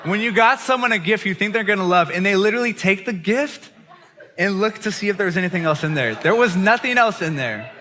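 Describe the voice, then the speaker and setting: A man preaches a sermon by telling a story, animated and often laughing mid-sentence. His voice sits a little high and sounds bright and tense. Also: fairly quick. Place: church gathering hall.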